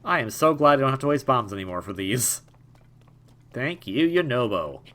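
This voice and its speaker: A man's voice: mid-range voice, very animated, moderate pace, a bit bright. A young man giving casual, jokey let's-play commentary, rambling and stammering over repeated words. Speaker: gaming YouTuber.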